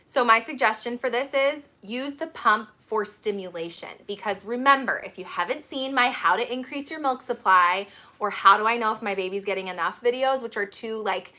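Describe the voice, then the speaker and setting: A woman's voice: a little high, normal speed, sharp tone. A woman hosting a casual advice chat on breastfeeding support, chatty and instructive, laughing often. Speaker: lactation support host.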